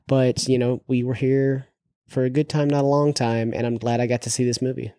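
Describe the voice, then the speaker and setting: A man's voice: medium pitch, level tone, a little fast, dark tone, clean tone, no echo, studio quality. A man co-hosting a podcast and chatting casually about a movie, rambling and full of fillers and restarts. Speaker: podcast co-host.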